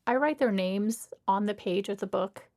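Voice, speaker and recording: A young woman hosting a casual podcast, giving makeup advice. She talks frankly and chattily, in a middle-pitched voice. She often slips into quick acted-out back-and-forth with clients. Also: a little mellow. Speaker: podcast host and makeup artist.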